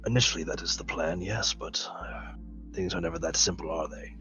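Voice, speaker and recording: A man voicing a calm winged male adventurer who speaks low, soft and politely. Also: fairly quick, soft background music. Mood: gentle probing.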